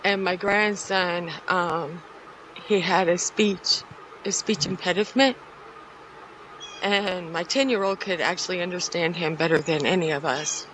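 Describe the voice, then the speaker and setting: A middle-aged woman, a podcast guest, telling a personal story in a halting, grief-stricken way with many pauses. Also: fairly low pitch, fairly even intonation, fairly bright tone, a little hiss or hum, low-quality recording.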